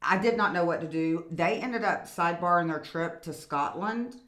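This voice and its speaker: A woman's voice: fairly low pitch, moderate pace, fairly bright tone. A middle-aged woman co-hosting a podcast, telling chatty, earnest stories in casual conversation. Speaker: podcast co-host. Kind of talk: casual chat. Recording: echoey room.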